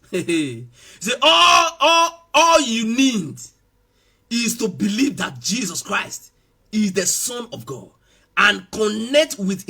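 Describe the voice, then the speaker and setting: A man preaching in a strikingly high, sharp and bright voice. His pitch swings widely as he repeats key phrases and rises into impassioned shouts. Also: breathy edge. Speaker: pastor. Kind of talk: sermon.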